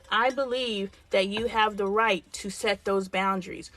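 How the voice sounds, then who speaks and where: A woman's voice: medium pitch, steady tone, a little slow, few pauses, a bit bright, dry recording. A middle-aged woman hosting a live talk stream, giving blunt, frank advice with mild swearing and acting out the lines of dialogue she quotes. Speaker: host.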